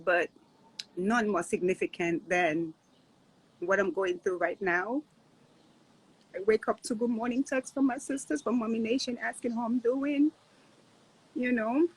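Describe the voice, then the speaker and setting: A husky-voiced woman in her thirties speaks in a casual, heartfelt way as a guest. She is earnest and reflective, repeats her points, and checks in with "right?". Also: a little high, low-quality recording. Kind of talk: casual heartfelt chat on a live stream.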